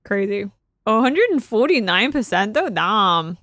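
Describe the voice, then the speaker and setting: A woman streaming a video game, commenting excitably and repeating phrases over and over into a close microphone. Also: medium pitch, measured pace, no echo. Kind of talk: let's play commentary.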